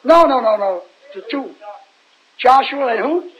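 A man's voice: extremely high pitch, expressive, unhurried, a bit bright. A man preaching an informal Bible sermon in a folksy, rambling way, often putting questions to his listeners. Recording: dull lo-fi recording.

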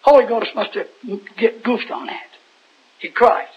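A man's voice: extremely high pitch, expressive, unhurried, slightly rough. A man preaching an informal Bible sermon in a folksy, rambling way, often putting questions to his listeners. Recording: dull lo-fi recording.

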